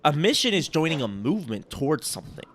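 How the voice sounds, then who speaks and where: Very animated and fast, this podcast co-host has a higher-leaning voice, with a little hiss or hum in the recording. He jokes his way through a critique of sales emails, rambling and frequently cutting himself off mid-sentence.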